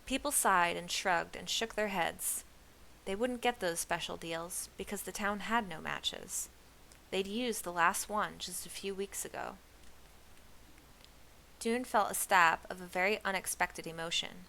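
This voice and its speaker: A woman reading a children's novel aloud in an expressive storybook style. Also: on the low side, unhurried, gravelly, slight background noise. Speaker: reader of a children's book.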